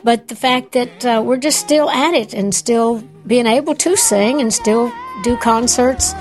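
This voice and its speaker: A woman's voice: a little high, unhurried, soft background music. An older woman speaking as an interview guest in a folksy, self-deprecating, candid way.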